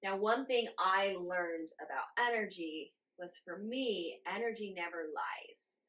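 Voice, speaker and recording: Speaking at a slightly slow pace with a medium-pitched voice, a channeler in her forties tells her story as an interview guest. She's lively, laughs a lot and acts out how she reacted.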